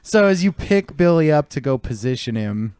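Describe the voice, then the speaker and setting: A man narrating as game master of a tabletop game, joking and relaxed. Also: a little high, moderate pace, clear, resonant tone, dry recording, clean studio sound.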